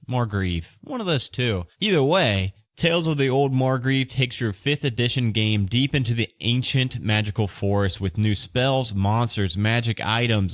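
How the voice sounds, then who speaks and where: A male dungeon master and podcast host chats casually through a sponsor read and some game narration, full of fillers and quick asides. His voice is medium-pitched and a bit bright, captured in studio quality with no echo.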